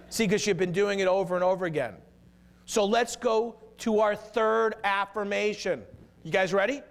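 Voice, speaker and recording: A middle-aged man giving a motivational keynote to a live audience, energetically leading the crowd in chanted affirmations. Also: high-pitched. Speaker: keynote speaker. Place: conference hall with a live audience.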